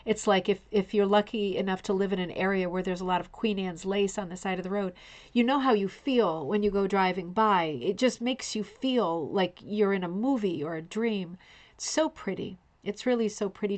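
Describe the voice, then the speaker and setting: Woman hosting a chatty live show, gushing and admiring, mid pitch, talks right to viewers. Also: moderate pace. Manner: effusive, admiring, addresses viewers by name. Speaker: host of a live online show. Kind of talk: casual livestream commentary.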